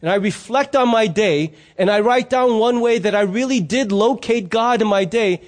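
A man's voice: high-pitched, normal speed. A middle-aged male pastor giving a sermon, telling stories in a conversational way with playful asides.

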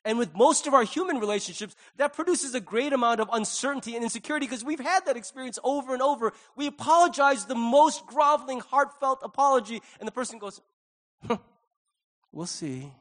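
A man's voice: very high-pitched, fast talker, hardly any pauses, a bit bright. A middle-aged male pastor preaching a conversational sermon, acting out little quoted voices along the way.

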